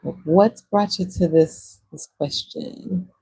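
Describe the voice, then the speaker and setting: A woman's voice: on the low side, slow pace, vocal fry, mellow, husky, low-quality recording. A woman from Texas with a Texan accent, chatting casually with viewers on a livestream and laughing often. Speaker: livestream host. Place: Puerto Rico.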